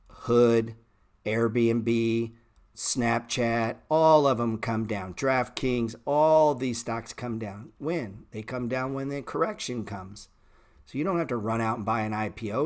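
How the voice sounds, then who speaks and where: A middle-aged man hosting a stock trading livestream, talking bluntly and sarcastically with swearing, and jumping into animated, louder rants. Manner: animated rants that jump in pitch and volume. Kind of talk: casual livestream chat.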